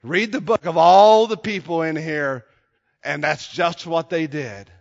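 A man preaching a sermon, telling a story quietly and then building to shouted passages. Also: fairly high pitch, measured pace, creaky, long reverb tail, lo-fi sound.

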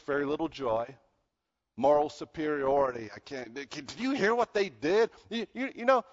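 A man preaching a sermon in a lively style, swinging from loud bursts to quiet asides, from the American South. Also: sits high, long reverb tail, highs cut off. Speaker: pastor.

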